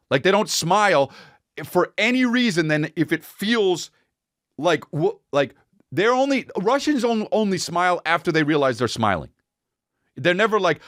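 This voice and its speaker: A man hosting a podcast, telling a crude comic story in an animated way and slipping into goofy voices. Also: fairly high pitch, moderate pace, dry recording, clean studio sound. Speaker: podcast host. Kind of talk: comedic storytelling monologue.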